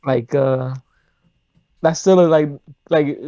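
A man's voice: a little high, extremely slow, mellow, no echo, dull audio. A young man hosting a podcast, telling a story in a rambling, casual way full of fillers and swearing. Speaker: podcast host. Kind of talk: casual chat.

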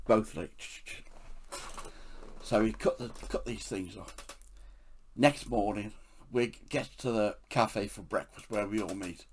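A man's voice: fairly low pitch, a little hiss or hum. A man from England, telling funny anecdotes from his life for a podcast and often laughing at his own stories. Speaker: podcast storyteller. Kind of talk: anecdotal storytelling.

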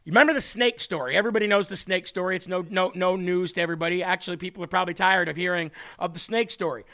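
Emphatic high-voiced male show host. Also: fairly even intonation, very fast, vocal fry, pushed and bright. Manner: emphatic, rousing sign-offs. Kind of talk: political commentary livestream.

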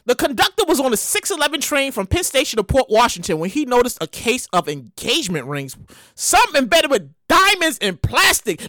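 A man with a very high, wildly swinging voice hosts his own comedy show, riffing loudly on strange news stories. He curses freely and keeps breaking into laughter and cries of exclamation. His tone is bright and the recording is close and dry. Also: brisk, dry recording. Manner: loud, animated, cursing, often breaks into laughter and exclamations. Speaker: podcast host.

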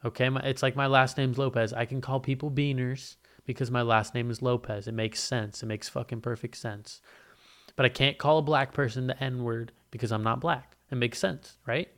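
A man's voice: mid-range voice, fairly even intonation, normal speed, a bit bright. A young man telling a casual storytime rant, profane and sarcastic, acting out the people in it.

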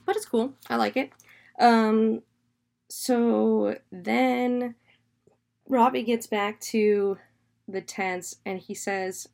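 A woman's voice: on the high side, steady tone, drawn-out words, gravelly, a little mellow. Chatty woman recapping a horror film. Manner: chatty and loose, with frequent "like" and "um", and swears for emphasis. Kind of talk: casual movie recap and review.

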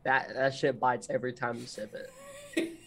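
A man's voice: medium pitch, wildly swooping pitch, unhurried, fairly bright tone, husky. A man co-hosting a podcast, chatting casually and reacting with short, profane exclamations. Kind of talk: casual chat.

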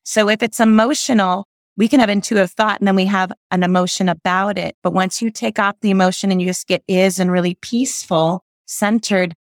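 A woman's voice: medium pitch, fairly even intonation, a little fast, few pauses, no echo, clean studio sound. A woman speaking as an interview guest, explaining ideas on intuition in a rambling, self-correcting way like a spiritual teacher.

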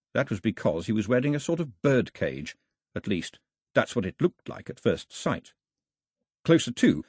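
A male audiobook narrator reads with an expressive, storytelling manner. His voice is husky and his pitch moves freely, rising and falling through the sentences. The recording is close and dry, with no room sound. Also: dry recording.

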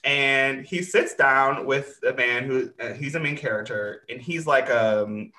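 A podcast host recaps a show in a casual chat, animated and swearing freely as he acts out the characters while retelling scenes. He speaks unhurriedly with a medium-pitched voice, in a roomy-sounding space with slight background noise.

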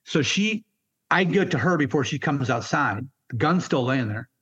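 Blunt, halting older man recounting hardship. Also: on the high side, animated, fairly bright tone, slightly rough, muffled recording. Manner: blunt, raw and halting, swears freely. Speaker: military veteran interviewee. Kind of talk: candid personal storytelling.

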